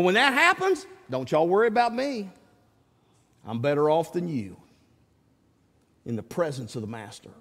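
Male pastor, folksy storyteller, high and lively voice, long hall reverb. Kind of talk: sermon.

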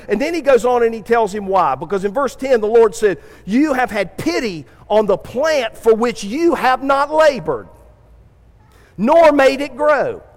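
A man's voice: extremely high pitch, in a large hall. A man preaching a sermon in a chatty way, stumbling over restarts and acting out the voices in the story. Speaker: pastor.

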